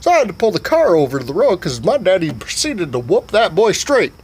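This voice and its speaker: A man telling a rambling, profane comic story in an animated way. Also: high-pitched, brisk, husky.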